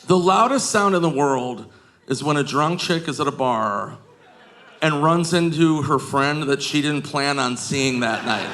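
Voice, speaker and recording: Slow-talking animated stand-up comedian, man. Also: on the high side. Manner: animated, jumps into loud shouts. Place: comedy stage before a live audience. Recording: live comedy club, audience noise.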